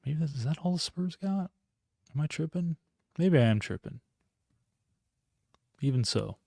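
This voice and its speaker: A man's voice: on the high side, animated, unhurried, gravelly, mellow, dry recording, clean studio sound. A man hosting a live solo sports reaction stream, rambling, interrupting himself and talking to his chat. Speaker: podcast host.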